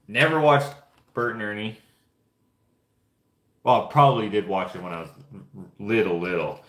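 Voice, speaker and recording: A man's voice: on the low side, moderate pace, a bit bright. Rambling young man in an echoey room. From Canada. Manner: rambling, offhand storytelling while painting figures. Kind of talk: casual chat. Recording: roomy echo.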